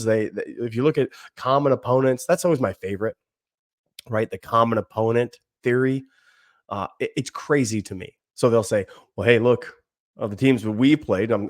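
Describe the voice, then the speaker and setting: A man's voice: medium pitch, a little mellow, no echo. A man hosting a sports podcast, talking energetically and emphatically with frequent restarts, on a close podcast mic. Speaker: podcast host.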